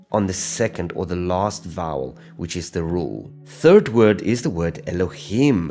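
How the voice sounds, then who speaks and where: Very deep-voiced man teaching pronunciation. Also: darkish tone. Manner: slow, deliberate, spells out sounds letter by letter. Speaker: Hebrew teacher. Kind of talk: step-by-step pronunciation lesson.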